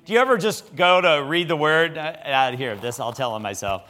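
A man's voice: on the high side, moderate pace. Folksy man preaching a sermon. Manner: folksy, conversational, animated storytelling.

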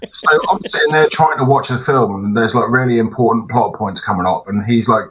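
Sweary bright-voiced man. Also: mid-range voice, normal speed, dull audio. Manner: sweary, animated storyteller. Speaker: podcast co-host. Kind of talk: casual chat.

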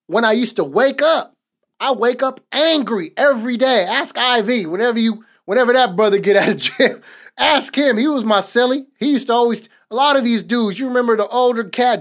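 A man's voice: very high voice, normal speed, fairly bright tone. A man on a podcast giving a casual, emphatic faith testimony in a repetitive, preaching cadence. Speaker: podcast co-host.

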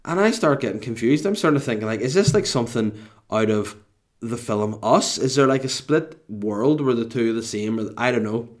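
Middle-aged man, North Down accent; animated, self-mocking comic storyteller with a salty mouth. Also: medium pitch, moderate pace. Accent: Northern Irish, North Down. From Northern Ireland. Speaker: podcast co-host.

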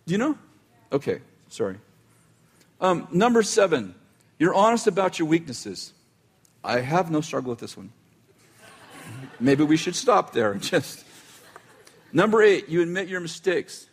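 A man with a notably high voice delivers a relaxed, chatty sermon. He stops and restarts his sentences and drops in dry asides as he goes. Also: a little slow, pauses often, breathy edge. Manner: casual, self-interrupting, with wry asides. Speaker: preacher. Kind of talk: conversational sermon.

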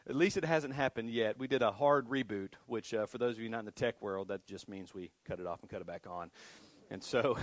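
A man's voice: medium pitch, no echo. A middle-aged man preaching as a pastor, talking casually with many restarts and self-deprecating asides. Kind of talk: sermon. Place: church sanctuary.

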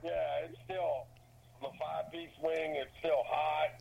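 A man's voice: on the high side, flat delivery, a little slow, creaky, crowd noise. A man from Texas with a Texan accent, calling in by phone for a laid-back chat. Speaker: caller. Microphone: phone call.

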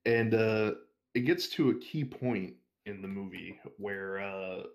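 A man's voice: on the low side, slow. Young man telling a rambling, profane story. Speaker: interview guest. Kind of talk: casual storytelling.

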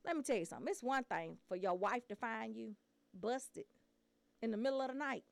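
A woman telling a story in casual chat, animated and profane, breaking into loud outbursts. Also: on the high side, fairly quick, creaky, no room sound.

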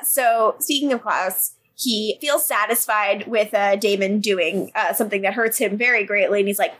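A woman co-hosting a podcast, retelling scenes in a quick, animated, laughing way. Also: medium pitch. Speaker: podcast co-host. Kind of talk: casual recap chat.

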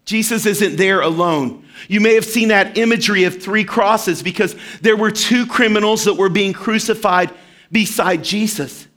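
High-voiced animated male pastor. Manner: animated, acts out quoted voices. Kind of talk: sermon.

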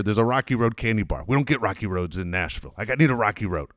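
Low-voiced man telling a profane story. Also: animated, rapid-fire, few pauses, a bit bright, no room sound. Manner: profane, rambling anecdote teller. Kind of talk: casual chat, storytelling.

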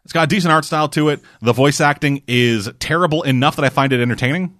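A man's voice: fairly high pitch, quick pace, fairly bright tone, no echo, clean studio sound. A man co-hosting a casual gaming chat, rambling and swearing freely, with lots of restarts and fillers. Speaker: podcast co-host.

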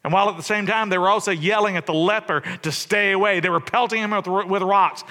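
A man preaching a sermon, telling the story conversationally and swinging between loud and soft. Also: sits high, fast, few pauses. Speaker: pastor. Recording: long reverb of a church hall.

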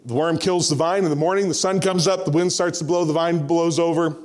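A man preaching a sermon, retelling a scripture story in an animated, conversational way and acting out the voices. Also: mid-range voice. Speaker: pastor.

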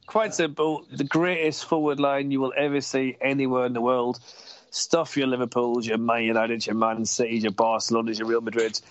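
A man's voice: medium pitch, level tone, normal speed, no echo. A man chatting about football in a passionate, rambling way, swearing and getting carried away, heard over a video call. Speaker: podcast guest. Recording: dull lo-fi video call audio.

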